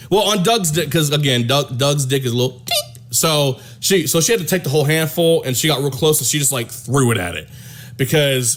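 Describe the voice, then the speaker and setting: A man telling a crude comic story, rambling and repeating himself with animated delivery. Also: a little high. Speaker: comedian storyteller.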